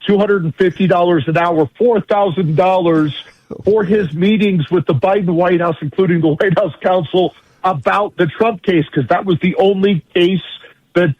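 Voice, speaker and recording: A man's voice: high voice, moderate pace, slightly rough, no echo, dull audio. A man giving a combative radio interview as a guest, blunt and emphatic, hammering his points through repetition. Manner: blunt, emphatic, repeats phrases for force. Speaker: guest legal commentator.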